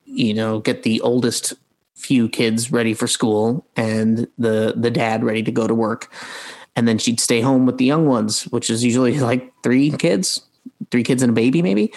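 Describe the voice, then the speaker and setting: A man, an actor, answering interview questions casually, halting with many fillers and restarts. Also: mid-range voice, darkish tone, low-quality recording.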